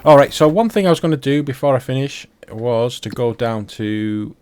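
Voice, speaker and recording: A man's voice: mid-range voice, expressive, moderate pace, darkish tone, clear, resonant tone, dry recording. A man giving casual commentary while playing a farming game, chatty and thinking aloud to himself. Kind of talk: casual let's-play commentary.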